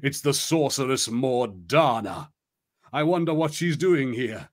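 A man reading a calm old male wizard in a low, hushed, measured voice. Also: lightly acted.

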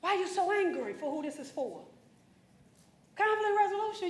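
A woman's voice: extremely high pitch, sing-song, normal speed, pauses often. A woman giving an emphatic, preacherly motivational speech, talking directly to students. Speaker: motivational speaker. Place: conference hall stage. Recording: echoey hall.

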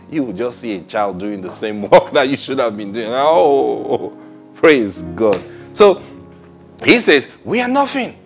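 A man preaching a sermon in an emphatic, lively way. He laughs often between points and drops into a low mutter when he acts out what people say. Soft music plays faintly behind him.

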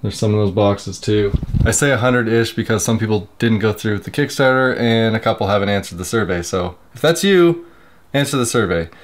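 A man's voice: lowish voice, fast, hardly any pauses, a little hiss or hum. A man casually reading out a list of names in a workshop vlog, stumbling over pronunciations with self-deprecating asides. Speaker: maker YouTuber.

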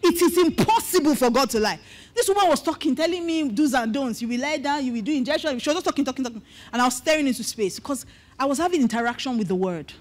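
A middle-aged Nigerian woman pastor giving an animated testimony sermon, mixing in Pidgin asides as she tells her story. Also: sits high, fast.

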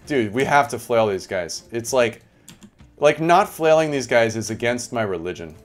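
Animated man streaming a game. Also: mid-range voice, normal speed, faint music behind. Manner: chatty, animated, talks to chat. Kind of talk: live game commentary.

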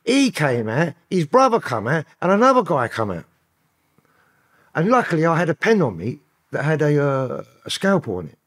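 A man's voice: fairly high pitch, sing-song, normal speed, a bit bright. A man with a London accent, a podcast guest telling stories in profane, rambling street talk. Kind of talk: casual storytelling interview.

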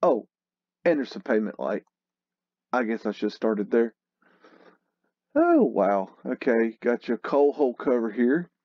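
Slow-talking man musing over old photos. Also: medium pitch, very animated, no echo, muffled recording. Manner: slow, musing, exclaiming and laughing at what he sees. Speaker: host narrating a photo tour. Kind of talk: casual commentary over photos.

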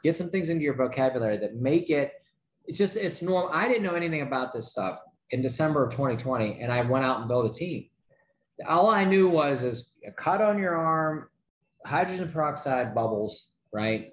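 A man's voice: medium pitch, normal speed, a little hiss or hum. Man, sales trainer, motivational pep talk, rhetorical questions, echoey room. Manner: energetic, pep-talk delivery with rhetorical questions and frequent "right?".

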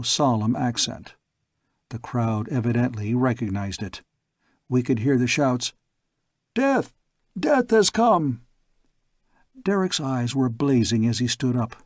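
A man narrating a pulp science fiction story aloud in a slow, measured storybook reading. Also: mid-range voice, a little mellow, dry recording, studio quality. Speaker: audiobook narrator.

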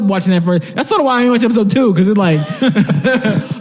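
Swearing and laughing, a co-host rambles through a retelling of a TV episode on a casual podcast. His voice sits high with a darkish tone, and he talks briskly and expressively with hardly any pauses, sounding like he's in a big room.

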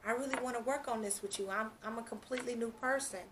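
A woman's voice: on the high side, fast talker, far from the mic, noisy background, natural voice. A woman playing a remorseful, pleading ex. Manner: pleading, apologetic. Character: remorseful ex pleading to come back.

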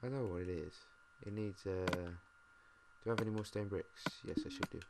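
British guy muttering to himself while gaming, lowish voice, hissy mic with mouse clicks. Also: moderate pace. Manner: mumbling, thinks aloud, swears at the game. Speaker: gamer. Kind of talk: casual let's-play commentary. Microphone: desk mic.

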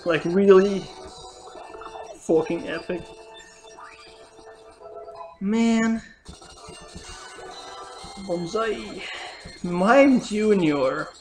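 Speaking very slowly with long pauses, a woman with a medium-pitched, darkish voice narrates her gameplay. She's a let's player who curses and cries out at every setback, with faint game music in the background.

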